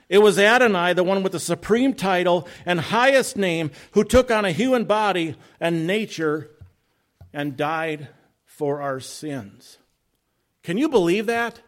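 A man preaching a sermon in an earnest way, building to loud peaks and then dropping soft and low, with light self-deprecating asides. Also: unhurried. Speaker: pastor.

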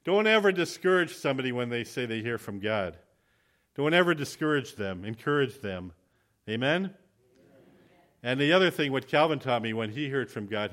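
Animated male preacher. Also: medium pitch. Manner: animated, acts out quoted voices; ends in spoken prayer. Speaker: visiting preacher. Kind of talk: sermon with storytelling.

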